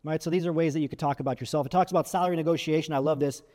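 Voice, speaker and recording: A man's voice: on the high side, steady tone, rapid-fire, few pauses, a little mellow, big-room sound. A man giving career advice to camera, talking casually with frequent asides and demonstrating ways of using the voice. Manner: demonstrates vocal techniques, shifts emphasis and volume; conversational, frequent "right?" asides and restarts. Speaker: career coach.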